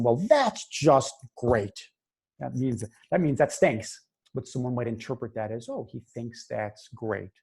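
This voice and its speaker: A male psychologist presents a webinar in a loose, conversational way, often restarting his sentences. His voice is husky and darkly mellow, and he sounds like he is speaking into a computer mic on a video call. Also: medium pitch. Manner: conversational, many restarts and fillers, quotes clients in brief voices.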